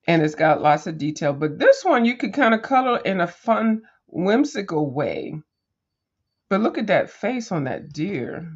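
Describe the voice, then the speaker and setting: A woman chats casually as she pages through a coloring book, rambling from thought to thought with plenty of ums and restarts. She talks straight to her viewers, calling them "girl" and tossing in sassy little "mm-mm"s. The recording sounds a bit dull and lo-fi. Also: sits low. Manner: rambling and chatty, with many fillers and restarts. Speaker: coloring channel host.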